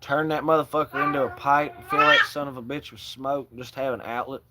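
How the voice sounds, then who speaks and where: A man in the middle of his range hosts a loose, rambling livestream chat, peppering it with swearing and jokes. He greets viewers by name and answers their comments in a relaxed, offhand way. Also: mid-range voice, brisk, very noisy. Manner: loose, profane, joking, shouting out viewers by name. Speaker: livestream host.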